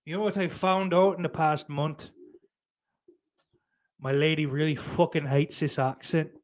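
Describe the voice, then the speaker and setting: A man's voice: fairly high pitch, steady tone, measured pace, pitched above the performer's own voice, lightly acted. Guy hamming up a lilting fake irish brogue, over the top, drifts scottish. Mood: gushing. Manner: exaggerated, lilting, slides toward Scottish. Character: man in a hammy mock Irish brogue.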